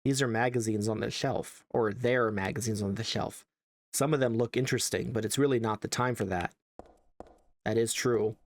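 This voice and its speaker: A man's voice: on the low side, steady tone, moderate pace, slight background noise. A man casually commentating a horror video game as he plays, wry and chatty, reading the on-screen text aloud. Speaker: let's play gamer.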